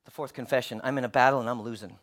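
A man preaching a sermon, animated, acting out voices as he reads a children's story to his congregation. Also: mid-range voice, racing. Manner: animated, acts out story voices, swings loud to hushed. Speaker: pastor.

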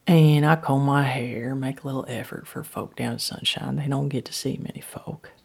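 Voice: mid-range voice, steady tone, normal speed, creaky, darkish tone, slightly rough. A performer playing a rambling woman in a comic monologue, drifting between chatter and whispers. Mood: chatty. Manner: rambling, many restarts, drops into whispers. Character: homespun rural Southern woman, gossipy, rambling.

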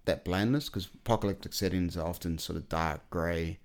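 Talking briskly in a very deep, low-pitched voice, this podcast guest rambles through casual chat with plenty of enthusiasm. Fillers stack up, and he restarts sentences as he goes.

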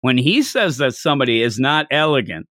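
A man hosting a casual podcast, recapping a manga chapter in an animated way and slipping into put-on voices for the characters. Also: mid-range voice, brisk, dry recording, studio quality. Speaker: podcast host.

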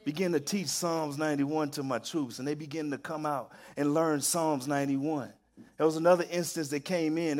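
A man preaching a sermon, telling stories with emphatic repetition and building to loud, excited peaks. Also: on the high side.

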